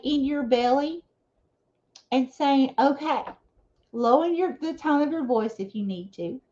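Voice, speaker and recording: A woman's voice: high-pitched, darkish tone. A woman giving a live tarot reading, talking casually and checking in often with her viewers. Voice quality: conversational, frequent "okay?" and "you know" fillers. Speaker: tarot reader. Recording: dull lo-fi sound.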